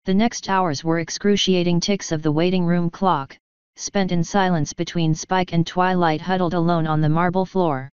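A woman reading fan fiction aloud in a measured, even storybook narration. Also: fairly low pitch, clear, resonant tone, no echo. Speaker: fanfiction reader. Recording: dull lo-fi dry recording.

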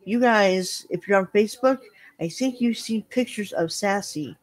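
A middle-aged woman chatting casually to her viewers, telling a halting, rambling story full of restarts. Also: mid-range voice. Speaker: vlogger. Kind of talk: casual chat.

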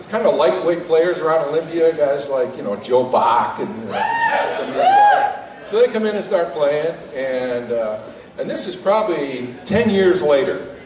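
A man, a saxophone player, telling an animated tribute story at a live awards event with many fillers. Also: fairly high pitch, unhurried, a little hiss or hum. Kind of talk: storytelling speech. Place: live music event stage. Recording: roomy hall from far off.

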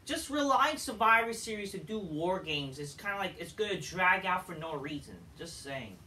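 A man's voice: high voice, animated, moderate pace, bright, forceful tone, a little hiss or hum. A man reviewing a wrestling show in a profane, exasperated, sarcastic rant. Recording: echoey room, distant mic.

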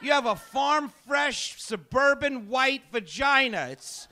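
A man's voice: very high-pitched, animated, takes it slowly, sharp tone, pitched above the performer's own voice, full character voice. A man voicing a doting parent who gushes over-the-top praise at a pampered daughter in a stand-up bit. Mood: gushing.

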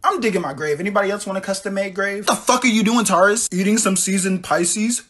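A performer in a comedy skit, trading brash, profane banter between many characters, with sudden leaps in pitch and loudness. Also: fast, husky.

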